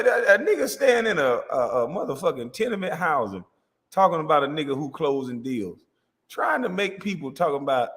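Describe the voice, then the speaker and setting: A man's voice: mid-range voice, a bit bright, long reverb tail. A man hosting a livestream, ranting boastfully and profanely and laughing often. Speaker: livestream host. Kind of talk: comedic livestream rant.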